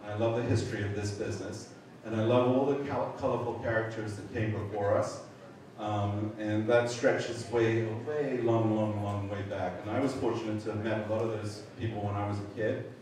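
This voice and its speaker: Animated man speaking in an echoey hall. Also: on the low side, normal speed. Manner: animated storyteller, swears, acts out voices, laughs. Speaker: memorial speaker. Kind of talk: anecdote told at a memorial. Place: large event hall. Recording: echoey hall from far off, noisy.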